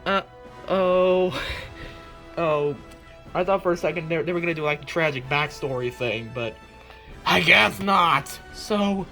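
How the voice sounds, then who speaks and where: A young woman reading her own old comics aloud, with animated, exasperated comedic commentary and laughing disbelief. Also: fairly low pitch, unhurried, pauses often, faint music behind.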